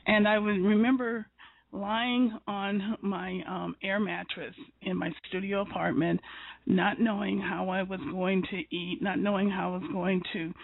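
A woman's voice: mid-range voice, level tone, measured pace, creaky, dry recording. A woman hosting an interview, telling stories earnestly, with restarts and whispered asides. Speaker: interviewer and show host. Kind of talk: conversational faith interview. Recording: tinny phone-line sound.

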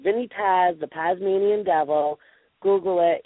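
A woman's voice: on the low side, unhurried, dry recording. Gushy lady hosting a call-in show, tinny phone sound. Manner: bubbly, gushing. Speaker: radio show host. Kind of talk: casual call-in chat. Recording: tinny phone-quality audio.

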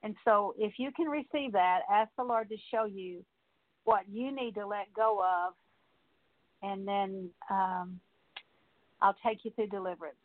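A woman's voice: mid-range voice, unhurried. An older woman Bible teacher, earnestly teaching and then leading a repetitive prayer of confession and deliverance. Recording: tinny phone-like sound.

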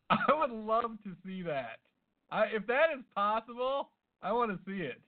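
A man co-hosting a comedy podcast, riffing in casual banter with a deadpan, absurd manner. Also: high voice, normal speed. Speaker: podcast co-host. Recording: tinny phone-like sound.

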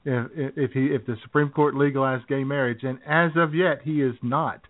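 A man's voice: medium pitch, fairly even intonation, fairly quick. A man co-hosting a casual radio chat, making dry jokes and chuckling. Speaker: podcast co-host. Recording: tinny phone-like audio.

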